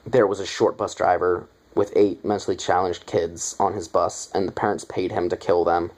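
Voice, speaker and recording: A man's voice: low-pitched, darkish tone, poor audio. A young man casually retelling a movie's plot in a review, rambling with lots of fillers and offhand asides.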